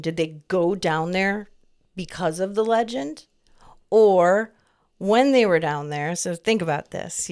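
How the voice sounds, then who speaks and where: A woman's voice: on the low side, clean tone. A woman in her fifties co-hosting a podcast, chatting in a rambling, easygoing way and laughing often. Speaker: podcast co-host. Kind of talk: casual chat.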